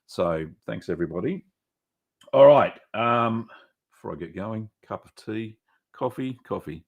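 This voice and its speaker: A man with an Australian accent hosts a relaxed livestream and reads out viewers' names one by one. He talks in a friendly, rambling way with plenty of fillers. His voice sits fairly low. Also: measured pace, vocal fry, dull audio. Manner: chatty, greets viewers by name, many fillers. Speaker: livestream host. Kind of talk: casual livestream chat.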